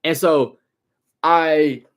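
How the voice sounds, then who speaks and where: A man in his twenties from the San Francisco Bay Area. He runs a car detailing business and talks through a casual livestream in loose, slangy, animated street talk. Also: on the high side, extremely slow.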